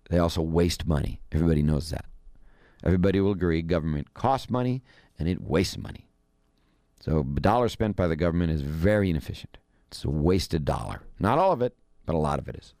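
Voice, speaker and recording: A man's voice: low voice, darkish tone, no room sound, clean studio sound. A man giving casual, opinionated commentary, folksy and blunt, often acting out what others say in a raised voice. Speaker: financial commentator.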